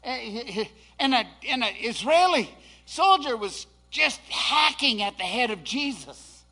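A man preaching a sermon, dropping to hushed asides and then rising to shouted proclamations. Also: extremely high pitch, expressive, slow.

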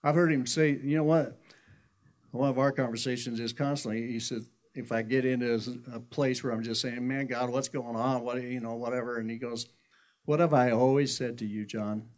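A man's voice: mid-range voice, steady tone, moderate pace. Folksy male pastor telling stories. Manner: conversational storytelling, folksy with repeated restarts. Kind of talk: sermon.

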